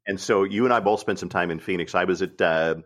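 Deep-voiced male radio host. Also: fast, a bit bright. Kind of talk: casual interview chat.

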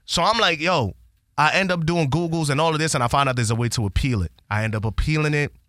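A man's voice: fairly high pitch, quick pace, no echo. Guy on a podcast ranting about a bad buy, lots of slang and swearing, dry close sound. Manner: animated, profane, slangy retelling. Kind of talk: casual storytelling chat.

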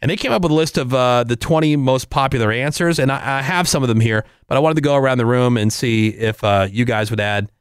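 A man's voice: medium pitch, quick pace, few pauses, clean tone, no echo, clean studio sound. A man hosting a radio morning show, chatting casually with a rambling, filler-heavy manner. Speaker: radio host.

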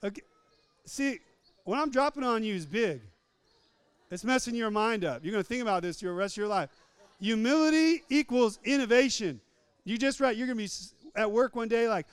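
A man delivers a joking sermon in a high, smooth, resonant voice. He repeats lines for emphasis and slips into other voices to act out little scenes. The sound is close and dry. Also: lively intonation, a little fast, no room sound. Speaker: preacher. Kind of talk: humorous sermon.

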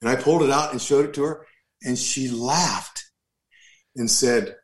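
A man giving a personal testimony, telling his story in an animated way with frequent repeats and restarts. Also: mid-range voice, a little slow, pauses often. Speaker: speaker giving a faith testimony.

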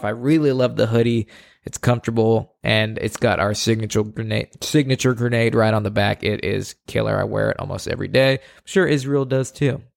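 Gravelly-voiced male podcast host. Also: medium pitch. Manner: upbeat, plugging and joking. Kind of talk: casual podcast chat.

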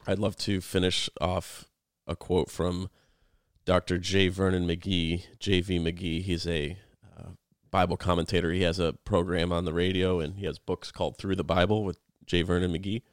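A man's voice: sits low, level tone, moderate pace, clean tone, dry recording, clean studio sound. A man co-hosting a podcast, talking earnestly and reflectively through a Bible passage in casual chat. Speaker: podcast co-host.

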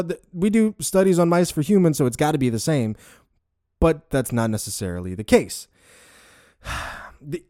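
A man hosting a relaxed podcast, his voice at a middle pitch and recorded close and dry. He talks loosely, laughs often and stumbles over long science words. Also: dry recording. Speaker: podcast host. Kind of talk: casual podcast chat.

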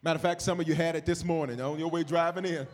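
A man preaching to his congregation in a high, ringing voice. He swings between shouted, drawn-out calls and low, murmured storytelling as he walks through scripture. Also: fairly even intonation. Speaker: pastor. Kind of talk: sermon.

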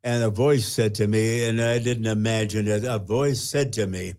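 An older man, a retired pastor, earnestly telling his personal testimony with halting restarts. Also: fairly low pitch, fairly even intonation, a little mellow.

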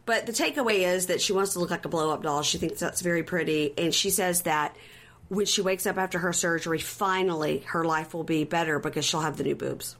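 A woman's voice: on the low side, a little fast, a bit bright. A woman co-hosting a podcast, chatting casually as she recaps a reality show and acts out quotes from it. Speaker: podcast co-host.

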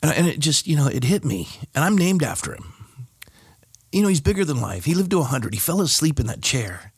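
A middle-aged California pastor, appearing as a podcast guest, tells a personal story in a fairly high, sing-song, husky voice at a slightly quick pace. He's an emphatic storyteller who lifts his voice for the punch lines and key moments. The podcast studio recording is clean, with no room sound.

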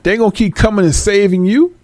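A man giving a blunt, preachy, animated rant to his viewers, swearing freely. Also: high-pitched, fairly quick, no room sound, clean studio sound. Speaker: vlogger. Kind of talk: ranting commentary to viewers.

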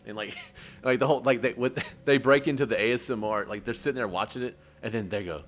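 A man's voice: mid-range voice, quick pace, a bit bright. Laughing, rambling man in casual chat. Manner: laughs often, rambling, says dude a lot. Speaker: podcast co-host.

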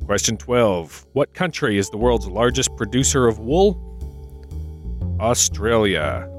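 Lively, playful trivia host. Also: male voice, on the low side, slow, faint music behind. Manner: animated, playful, jokey. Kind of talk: reading trivia questions and casual banter.

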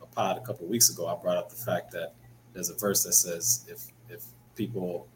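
A man co-hosting a podcast, speaking in a relaxed, thoughtful way. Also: low voice, fairly quick, slight background noise, low-quality recording. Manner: relaxed, thoughtful, many "you know" fillers. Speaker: podcast co-host. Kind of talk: casual chat.

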